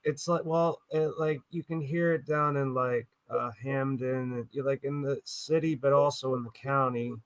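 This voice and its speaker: A man's voice: mid-range voice, fairly even intonation, normal speed, hardly any pauses, dry recording, rough recording. A man on a live panel talking casually, stopping and restarting a lot and laughing often. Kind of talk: casual chat.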